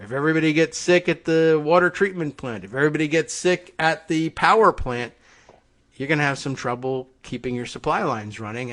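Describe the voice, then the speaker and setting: Male co-host, casual and chatty, quick to agree and drift off. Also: on the high side, a bit bright. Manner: chatty, trailing off, many short agreements. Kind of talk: casual political talk.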